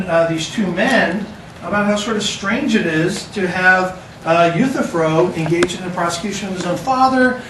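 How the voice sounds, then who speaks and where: A man's voice: high voice, fairly bright tone, far from the mic, slight background noise. A man teaching a class, with a casual, joking lecture manner. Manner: casual, joking, talks to students. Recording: echoey classroom recorded from afar.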